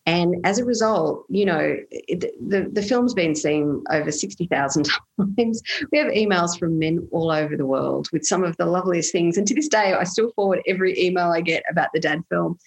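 A woman's voice: on the low side, normal speed, vocal fry, low-quality recording. A woman, speaking earnestly as an interview guest and telling stories about parenting. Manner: earnest, animated storytelling with laughs. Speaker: guest, autism awareness advocate. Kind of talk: conversational interview.

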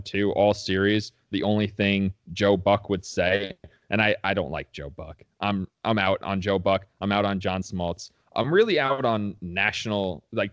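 A man with a very low, deep voice, chatting casually as a podcast co-host. He talks like an animated, opinionated fan, recorded close and dry with no room sound. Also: no room sound. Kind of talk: casual sports podcast chat.

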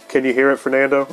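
A man telling a rambling, profane story on his podcast, laughing now and then. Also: mid-range voice. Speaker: podcast host. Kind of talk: casual storytelling monologue.

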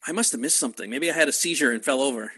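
A man's voice: medium pitch, racing, bright, forceful tone, breathy edge. A man co-hosting a casual movie podcast, making exasperated, sarcastic complaints. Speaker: podcast co-host. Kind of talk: casual movie-review chat.

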